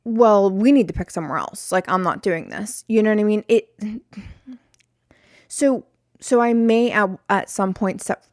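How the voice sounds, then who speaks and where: A woman's voice: mid-range voice, measured pace, a little mellow, no room sound, clean studio sound. A woman hosting her own podcast, chatting alone in a rambling, self-deprecating way and often drifting off on tangents. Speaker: podcast host. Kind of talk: solo podcast chat.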